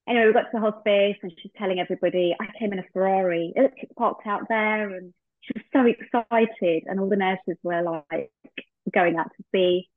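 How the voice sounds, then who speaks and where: A woman's voice: mid-range voice, a little fast, dry recording. Woman telling a heartfelt story over a tinny line. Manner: heartfelt, acts out remembered dialogue. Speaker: podcast guest. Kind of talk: personal storytelling in a podcast interview. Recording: tinny phone-like line, dry.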